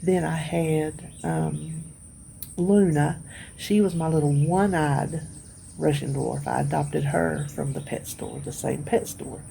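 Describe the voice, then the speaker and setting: A middle-aged woman talks to her viewers in a low, gravelly, mellow voice, sounding worn out. She rambles and loses her thread, with long pauses and emotional turns. She is recording outdoors, with faint birds and insects behind her. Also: animated, a little hiss or hum. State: tired. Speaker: vlogger. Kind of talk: casual rambling chat to viewers.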